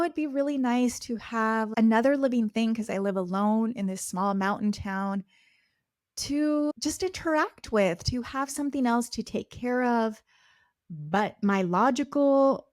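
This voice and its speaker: A young adult woman hosting a podcast, telling a personal story at home in a casual, animated way with many fillers. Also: a little high, no room sound, studio quality. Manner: animated, chatty, lots of "like" fillers. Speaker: podcast host.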